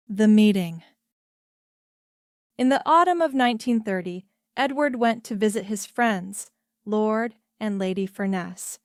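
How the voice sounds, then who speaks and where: A woman narrates a story slowly and carefully, her clear, crisp voice sitting close and dry. She reads it as a simple scripted tale for language learners, keeping an even pace. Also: mid-range voice, dry recording. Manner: careful, evenly paced reading.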